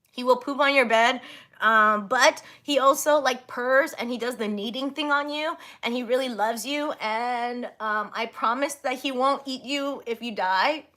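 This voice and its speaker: A woman in her thirties chats loosely with her stream audience, reading comments aloud and breaking into giggles. Her voice sits a little high, and her talk is relaxed and unpolished, with a casual curse here and there. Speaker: livestreamer reading chat. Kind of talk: casual livestream chat.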